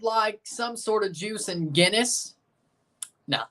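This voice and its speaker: A man's voice: high voice, expressive, slow pace, pushed and bright. A man hosting a livestream watchalong, chatting casually, reading viewers' comments aloud and reacting to a soccer match with sarcastic asides.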